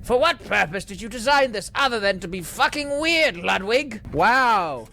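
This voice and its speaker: A man commenting on a horror game he plays, in a sarcastic and exasperated way. His pitch jumps around a lot and sits a bit high. Faint noise sits under his voice. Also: animated, normal speed, vocal fry, bright, forceful tone. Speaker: gaming video creator. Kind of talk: let's play commentary.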